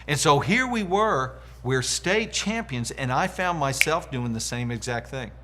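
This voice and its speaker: A man's voice: medium pitch, unhurried, hardly any pauses, a little hiss or hum. A middle-aged man giving a motivational leadership lesson, telling stories and acting out what people said. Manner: animated storyteller acting out quotes. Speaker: leadership coach. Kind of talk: motivational teaching talk.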